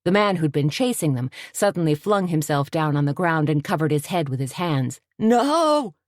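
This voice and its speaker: A woman narrating an audiobook in a steady, measured storytelling voice. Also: deep voice, no room sound, studio quality.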